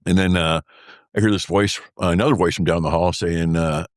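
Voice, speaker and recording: An older man with a low, deep voice tells a long story in an interview. He rambles and fills gaps with "uh" and "anyway", and acts out the lines other people said. The sound is dry and close. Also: level tone, normal speed, no room sound. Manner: rambling, full of fillers like "uh" and "anyway"; acts out remembered dialogue. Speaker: former military pilot telling his story as guest.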